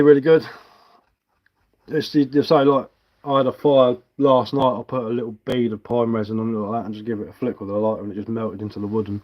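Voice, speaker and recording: Casual bloke, easygoing live-stream chatter, muffled lo-fi audio. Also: male voice, medium pitch. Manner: relaxed, rambling, self-mocking. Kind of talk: casual chat while carving. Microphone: headphones with mic.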